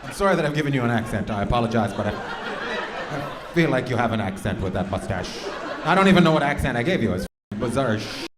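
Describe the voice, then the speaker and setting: A man's voice: mid-range voice, lively intonation, quick pace. A man doing profane, teasing stand-up crowd work with the audience in a comedy club. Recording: echoey club, loud crowd noise.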